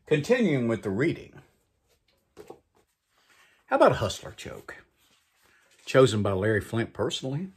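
A man's voice: medium pitch, wildly swooping pitch, a little slow, pauses often, husky. A man hosting a morning show, reading books and jokes in a folksy, storytelling way. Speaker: host. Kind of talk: casual joke reading.

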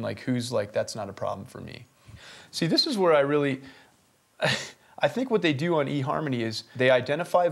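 A man hosting a comedy web show, delivering mocking, sardonic commentary and chuckling through his own jokes. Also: medium pitch.

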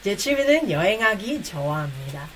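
A woman's voice: mid-range voice, sing-song, slight background noise, low-quality recording. A Filipino woman teaching Korean in a casual online class, switching between Tagalog and English with playful laughter. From Philippines. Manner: fast, playful, laughs often.

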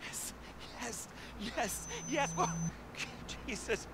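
A man's voice: extremely high pitch, extremely slow, whispered, full character voice. An actor playing a brash, boastful and slightly desperate male DJ hosting a club opening. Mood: hyped. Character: boastful washed-up male party DJ. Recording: game audio with steady noise.

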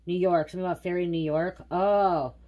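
Middle-aged lady doing a tarot reading, low voice, muses and repeats herself. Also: little pitch movement, racing, dull audio. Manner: musing aloud, repeating words. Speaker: tarot reader. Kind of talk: casual spiritual card reading.

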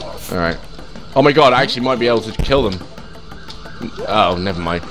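Soft music plays behind a man speaking fairly quickly as he plays a game, swearing and reacting along the way. He's a gaming channel host doing let's play commentary, and he gets excitable and sweary, his pitch jumping around.

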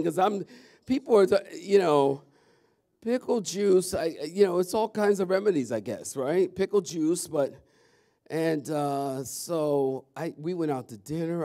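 Chatty pastor, higher voice. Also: male voice. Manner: chatty and animated, calls out to the audience. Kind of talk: casual talk to a congregation. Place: church sanctuary.

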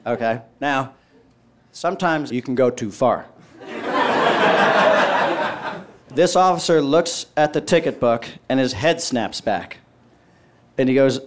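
A man's voice: medium pitch, expressive, measured pace, pauses often. A male stand-up comedian telling a long story and acting out both sides of the dialogue.

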